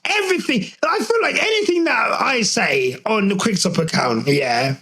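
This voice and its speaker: A young man from the UK rants through a solo podcast episode in a loose, slangy style full of swearing. His voice sits high for a man and swings widely in pitch as he gets carried away, excitable and talking straight to the listener. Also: normal speed, slightly rough, rough recording. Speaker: podcast host.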